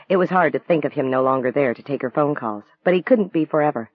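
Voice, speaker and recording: A man narrating an audiobook novel in a calm, even storytelling voice. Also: on the high side, fast talker. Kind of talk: scripted narration. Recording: dry, tinny phone-like sound.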